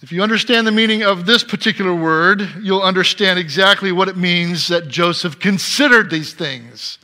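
A middle-aged man preaching a sermon as pastor, swinging between loud emphatic passages and soft quiet ones. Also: sits high, normal speed.

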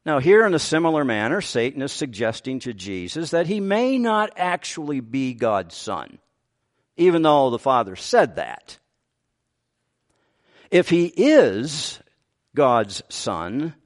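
A male preacher teaching verse by verse at an unhurried pace. His pitch rises and falls freely as he leans into key words. He speaks with earnest, deliberate emphasis. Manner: slow, earnest teaching with voiced quotes of the tempter. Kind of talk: expository sermon.

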